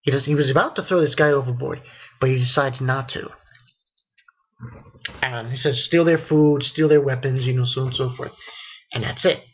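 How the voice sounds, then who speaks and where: Husky-voiced man rambling through an anime review. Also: medium pitch, fairly even intonation, fairly quick, pauses often, lo-fi sound. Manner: rambling, many restarts and fillers. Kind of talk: casual spoken review.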